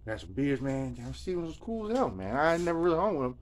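A man's voice: fairly high pitch, very animated, quick pace. A middle-aged man from New Jersey hosting a guitar video journal, telling a rambling, laid-back story and saying "man" and "you know what I mean" often.

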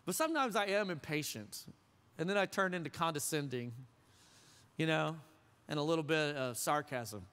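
Pastor, male, high bright voice, preaching in a loose joking way, long hall reverb. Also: lively intonation, moderate pace, clear, resonant tone. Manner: conversational, joking, asks the crowd questions. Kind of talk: sermon. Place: church sanctuary.

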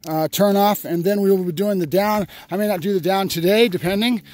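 A man, a dog trainer, explaining his method step by step in a field, now and then breaking into excited praise for his dog. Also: high voice, fairly quick. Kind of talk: outdoor training demonstration. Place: open field outdoors.

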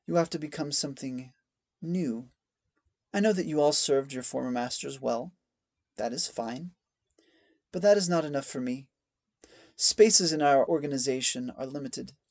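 Audiobook villain: man doing a cool, menacing masked older woman, gravelly and dry. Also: medium pitch, a little mellow, dry recording, natural voice. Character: masked older woman, cold ruthless estate matriarch.

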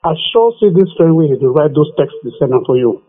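Emphatic preacher on a tinny phone line. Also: male voice, a little high, expressive, fairly quick. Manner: emphatic, repeats scripture. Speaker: evangelist. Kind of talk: radio preaching.

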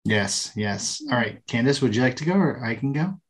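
A man's voice: medium pitch, animated, normal speed. A man co-hosting a podcast, talking enthusiastically and earnestly in casual conversation. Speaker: podcast co-host.

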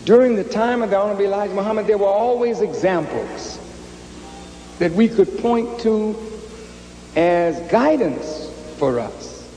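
A male minister giving a measured, solemn address to an audience in a large hall. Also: high voice, mellow, slight background noise. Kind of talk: slow formal address to an audience. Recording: echoey hall with faint ambience.

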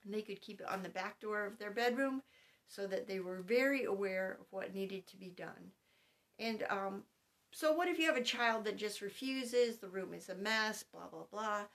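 Woman, middle-aged, homeschooling mother, instructional talk, calm, methodical, point-by-point. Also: mid-range voice, normal speed. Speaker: homeschooling mother giving advice.

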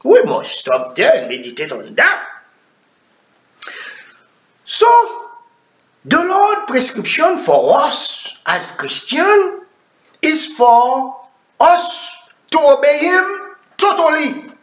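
A man preaching a sermon in a slow, deliberate delivery, his voice climbing high and swooping widely. He swings from emphatic declarations to hushed asides. The sound carries a noticeable echo. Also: big pitch swings. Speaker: pastor.

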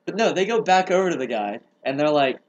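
A man chatting casually on a comedy podcast. He tells his story in an animated way and breaks into laughter often. A faint noise sits under the recording. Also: on the high side, quick pace, dull audio. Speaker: podcast co-host.

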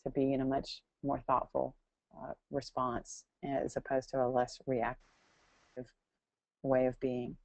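A woman's voice: rumbling low, unhurried, creaky, long pauses, dry recording, poor audio. A woman answering audience questions in a talk, thoughtful and searching for words, with many restarts. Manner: acts out quoted voices with lively expression. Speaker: guest speaker.

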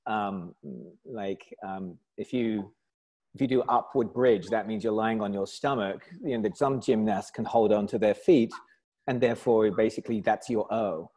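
A man with a southern English accent, a company founder chatting as a guest in an interview over a video call, talkative and quick to laugh. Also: on the low side, a little mellow. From south of England. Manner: chatty, laughs easily, frequent restarts. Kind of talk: casual interview chat.

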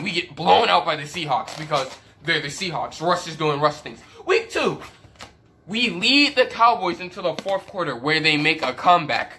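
A man rants in a casual comedic vlog, swearing freely and mocking himself with sarcastic asides. His pitch swings widely as he plays up his frustration for laughs. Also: bright, forceful tone, slight background noise. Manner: profane, sarcastic and self-mocking; melodramatic, exaggerated frustration. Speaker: sports fan YouTuber.

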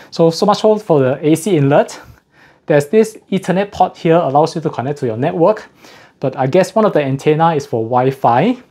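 Warm, slightly rough, and on the high side, this man's voice guides a laid-back unboxing of audio equipment. He sounds a little winded, working through technical points step by step and fixing his own mistakes as he talks.

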